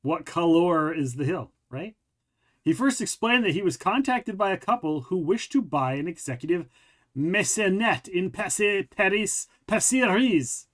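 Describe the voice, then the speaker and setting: A man's voice: high-pitched, lively intonation, a little slow, fairly bright tone. A man hosting a casual podcast, reading articles aloud and joking around, swearing freely. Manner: rambling, jokey, swears freely. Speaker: podcast host.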